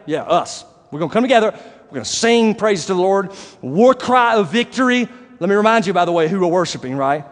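High-voiced preacher in a reverberant hall. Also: male voice, quick pace. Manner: animated, acts out quoted voices, rising to shouts. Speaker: pastor. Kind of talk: sermon.

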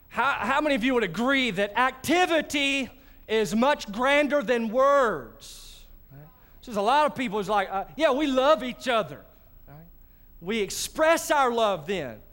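High clear-voiced preaching man. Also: fairly bright tone. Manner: conversational preaching with asides to the congregation. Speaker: pastor. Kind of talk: sermon. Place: church sanctuary.

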